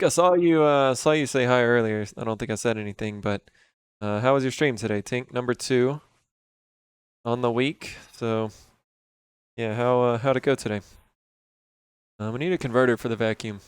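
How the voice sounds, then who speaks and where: A man in his thirties chatting casually on a live stream, relaxed and rambling as he talks with viewers while working. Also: mid-range voice, moderate pace, long pauses, clear, resonant tone, no room sound. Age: 30s.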